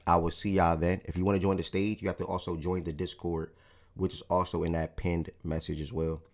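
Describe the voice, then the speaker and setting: A man's voice: low-pitched, little pitch movement, fairly quick. A man hosting a casual sports livestream, feeling sick with a strained voice, talking in a laid-back, joking way to his chat. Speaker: livestream host.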